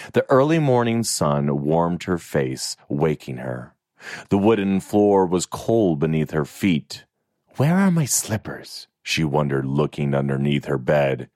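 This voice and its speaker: A man narrating a fantasy novel in an expressive, even storytelling manner. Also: deep voice, dry recording, clean studio sound. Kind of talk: audiobook narration.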